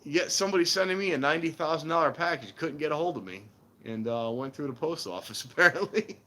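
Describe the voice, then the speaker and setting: A man hosting a casual trainspotting stream, rambling and animated, acting out the voices of people he quotes. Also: fairly high pitch, fast. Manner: warns viewers against scams. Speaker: railfan livestream host. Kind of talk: casual chat while filming trains.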